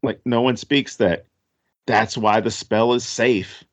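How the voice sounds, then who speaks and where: A man co-hosting a podcast, chatting casually about a movie, rambling and jokey with animated asides. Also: medium pitch, slow pace. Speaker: podcast co-host.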